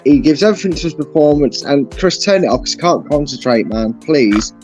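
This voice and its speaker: A man's voice: fairly high pitch, brisk, a little mellow, soft background music. A man rating football players on a fan channel, gushing and emotional, stumbling over his words. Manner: gushing, emotional, with frequent restarts. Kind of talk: casual chat.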